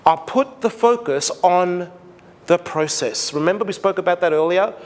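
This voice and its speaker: A middle-aged Australian man giving an animated seminar talk to parents, acting out conversations with his daughter. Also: high-pitched, normal speed. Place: large school hall. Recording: long hall reverb.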